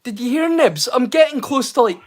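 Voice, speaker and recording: Man, high voice, casual livestream chat, excitable, lots of fillers and restarts, mild stammer. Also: a little fast. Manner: hesitant, many fillers and restarts; mild stammer he keeps hidden. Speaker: livestream host.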